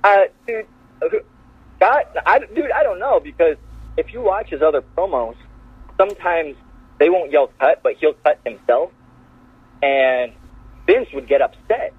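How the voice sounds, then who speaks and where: A man with a slightly high, husky voice tells backstage stories as a radio guest. He keeps switching into other people's voices for the quotes. The sound is dry and tinny, like a phone line. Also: a little slow, long pauses, no echo. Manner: animated, acts out quotes in changed voices. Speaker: wrestler guest. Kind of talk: casual storytelling. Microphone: phone call.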